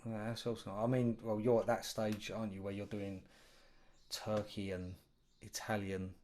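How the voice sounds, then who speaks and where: A man's voice: fairly low pitch, level tone, moderate pace, a little mellow, a little hiss or hum. A man co-hosting a podcast in casual conversation, talking at length with lots of "you know" fillers. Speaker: podcast co-host.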